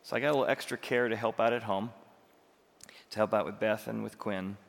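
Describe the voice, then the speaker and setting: A man in middle age delivers a sermon with the easy pace of someone telling a family story, mixing gentle humor with earnest points. His volume comes and goes, punching up some phrases and sinking low on others. The voice rings out in a big hall with a long, trailing echo. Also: brisk, creaky. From Morton, Illinois, USA. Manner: conversational storytelling with light humor, lively swings in loudness. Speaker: pastor. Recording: long reverb of a large hall.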